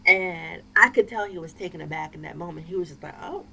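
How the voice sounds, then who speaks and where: A woman vlogger telling a personal story to camera in an expressive, emphatic way with wry asides. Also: on the low side, fast talker, gravelly, a little hiss or hum, low-quality recording.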